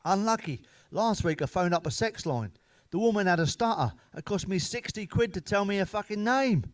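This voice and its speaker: A middle-aged British man rattles off crude, sweary gags in a deadpan stand-up delivery. His voice sits a little higher than usual for a man. The sound is dry and close, with no room around it. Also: normal speed, dry recording. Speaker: stand-up comedian. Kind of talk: deadpan joke-telling monologue.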